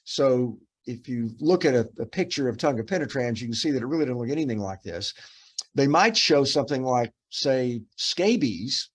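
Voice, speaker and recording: During a case review with a resident, a middle-aged dermatopathologist speaks at normal speed in a mid-range voice with lively intonation and a breathy edge. His talk wanders, studded with fillers and restarts.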